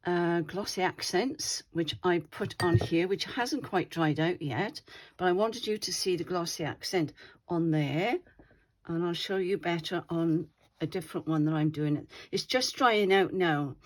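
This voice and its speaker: On her craft channel, a woman shows off her doodles in a lowish, slightly slow voice. She's chatty throughout, often pausing to ask viewers "all right?"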